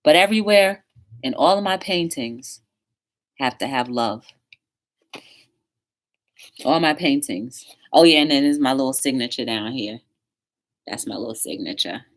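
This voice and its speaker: A woman's voice: rumbling low, lively intonation, measured pace, pauses often. A woman hosting a live-stream talk show, telling stories with energy and greeting viewers in the chat by name. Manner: upbeat, encouraging.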